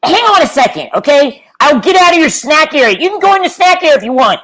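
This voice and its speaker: A woman's voice: mid-range voice, expressive, a little fast, close to an everyday voice, poor audio. Exasperated, put-upon employee, played by a woman; rambling and indignant, improvised comedy.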